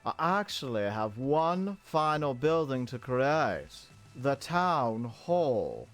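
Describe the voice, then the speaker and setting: A man's voice: medium pitch, very animated, slow, soft background music. A man narrating a building game in character as a pompous, self-admiring town mayor, talking in a theatrical way. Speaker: game video host in a mayor persona.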